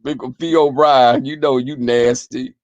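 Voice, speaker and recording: Here a streamer spins profane, animated stories for his chat, laughing often as he goes. The mid-range voice is unhurried, and the recording is dry with a lo-fi quality.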